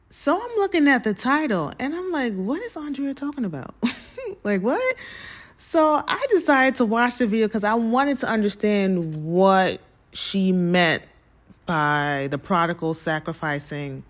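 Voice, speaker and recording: Female host, personal storytelling, animated delivery. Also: medium pitch. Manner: animated, addresses listeners as y'all. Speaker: podcast host telling her story.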